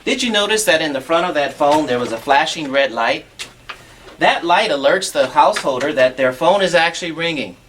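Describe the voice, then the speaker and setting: Lively, animated male equipment demonstrator. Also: fairly high pitch, fairly quick, slight background noise. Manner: patient, instructive, step-by-step. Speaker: assistive technology demonstrator.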